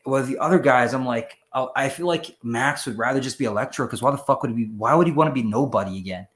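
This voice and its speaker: A man's voice: mid-range voice, quick pace. A man talking as a podcast guest in a casual chat, rambling and profane, acting out voices as he goes. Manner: rambling, profane, animated, acts out character voices.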